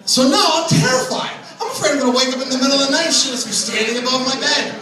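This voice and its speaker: A man's voice: very high voice, quick pace, pushed and bright. A young man doing open mic stand-up comedy, telling self-deprecating stories with chatty asides. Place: small comedy venue with audience. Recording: echoey room recorded from far off.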